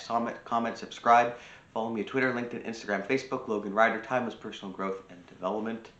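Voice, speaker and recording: Low-voiced man giving self-help advice. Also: fairly bright tone. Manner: repeats key phrases for emphasis. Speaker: personal growth channel host. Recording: roomy, slightly dull sound.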